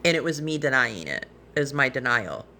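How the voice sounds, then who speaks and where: A woman's voice: rumbling low, big pitch swings, fairly quick, bright, forceful tone, a little hiss or hum. A woman speaking earnestly and emotionally on a live stream from her phone, rambling with restarts and close to tears. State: tearful, emotional. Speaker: livestreamer.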